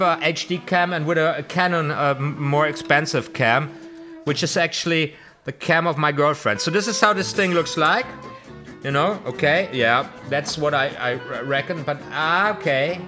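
A man's voice: fairly high pitch, measured pace, over music. A man talking to camera as he sets up his streaming gear. He rambles through a lot of fillers and restarts, and curses when things go wrong. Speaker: vlogger setting up streaming gear. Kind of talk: unscripted self-talk to camera. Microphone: desktop USB microphone under test.

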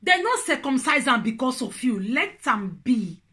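A woman with a Nigerian Pidgin accent talks straight to camera and hands out relationship advice. Her high, bright voice is animated and playful, with a preachy edge. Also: normal speed. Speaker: vlogger. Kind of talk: casual advice monologue.

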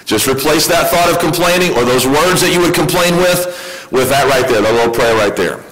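Man preaching with lively questions. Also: on the high side, normal speed, hardly any pauses, poor audio. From United States. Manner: conversational preaching, asks the congregation questions. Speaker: pastor. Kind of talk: sermon.

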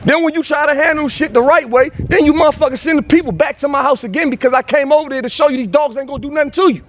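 Man, very high voice, angry rant, shouting, profane, vlog. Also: racing, lo-fi sound. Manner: profane, heated, often shouting. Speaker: vlogger.

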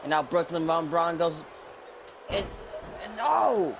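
A man hosting and calling play-by-play for a match, jokey and excitable, breaking into high yelps when surprised. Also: takes it slowly, creaky, crowd noise, noisy background. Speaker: host and commentator.

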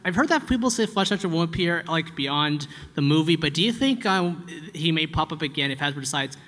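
A man's voice: on the high side, animated, brisk, fairly bright tone. Hesitant man at an audience mic. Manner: hesitant, many restarts. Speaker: fan asking a question. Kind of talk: audience Q&A question. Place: large convention hall. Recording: echoey convention hall.

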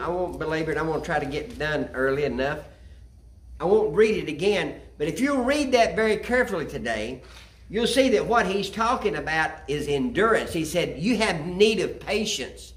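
High, bright-voiced preacher man. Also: big pitch swings, normal speed, echoey room. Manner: folksy preaching, rising to fervent cries of amen. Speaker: pastor. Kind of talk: sermon. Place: church sanctuary.

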